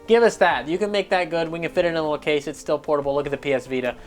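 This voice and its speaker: Man hosting gaming news, rapid-fire and foul-mouthed, faint music underneath. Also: on the high side. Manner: profane, animated, joking. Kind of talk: casual news rant.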